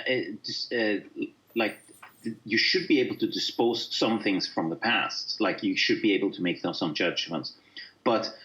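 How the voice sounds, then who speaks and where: Halting man with a dull lo-fi sound. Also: mid-range voice, fairly bright tone. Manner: halting, many fillers and restarts. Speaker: guest. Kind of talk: casual discussion.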